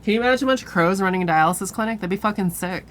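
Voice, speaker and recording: A woman's voice: mid-range voice, rapid-fire, a bit bright, soft background music. A woman streamer chatting casually, swearing freely and laughing often. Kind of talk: casual live-stream chat.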